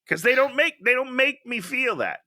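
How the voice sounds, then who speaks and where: A man co-hosting a comedy movie review podcast, talking in a sarcastic, animated way and acting out lines from the film. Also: very high voice, normal speed, no echo, clean studio sound. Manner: animated, sarcastic, acts out characters' lines in big voices. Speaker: podcast co-host.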